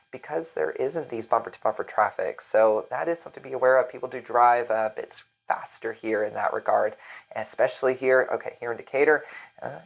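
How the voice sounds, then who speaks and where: A woman's voice: rumbling low, gravelly, rough recording. A woman from Virginia, a real estate agent, talking casually and chattily to camera in an upbeat vlog. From Alexandria, Virginia.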